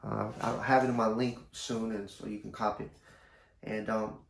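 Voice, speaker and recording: Gravelly, laid-back male vlogger. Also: flat delivery, moderate pace, slight background noise. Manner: laid-back, slangy, low-key. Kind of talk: casual storytelling to camera. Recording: roomy echo.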